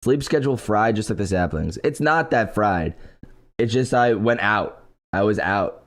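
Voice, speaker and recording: A man's voice: fairly low pitch, animated, normal speed. A young man streaming live, chatting casually with his viewers and thanking donors, his voice stuffy and congested from just waking up. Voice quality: congested morning voice. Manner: laid-back, answers chat and thanks donors.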